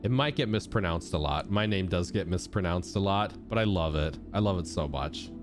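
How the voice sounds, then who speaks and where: A young man chatting casually as he streams a game, thanking subscribers and reacting out loud. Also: deep voice, normal speed. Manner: animated, chatty, shouts out subscribers. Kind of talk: casual gameplay commentary. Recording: game music playing behind.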